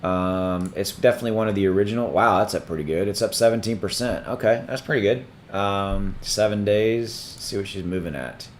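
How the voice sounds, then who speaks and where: A man hosting a casual crypto livestream, rambling and thinking aloud while he looks things up, his voice starting to go hoarse. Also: on the low side, fairly quick, few pauses, a little hiss or hum. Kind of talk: casual live-stream chat.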